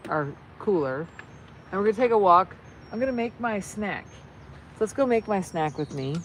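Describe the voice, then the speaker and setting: A woman with a lowish voice hosts a casual live vlog, rambling and joking at her own expense. She speaks into a phone outdoors by her truck, with steady fan and vehicle noise clearly heard behind her. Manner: rambling, chatty and self-joking. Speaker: channel host. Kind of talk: casual livestream chat. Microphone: phone camera.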